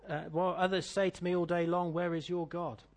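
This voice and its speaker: A middle-aged British man preaching a sermon, reading scripture and telling stories, swinging between loud declaiming and quiet asides. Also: high voice, flat delivery, a little fast. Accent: British English. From Britain.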